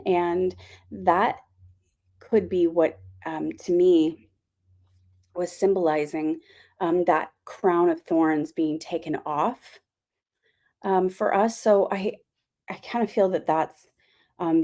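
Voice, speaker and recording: A woman's voice: on the low side, dark tone. A woman giving a casual spiritual talk as host of her channel, rambling with many fillers and apologies.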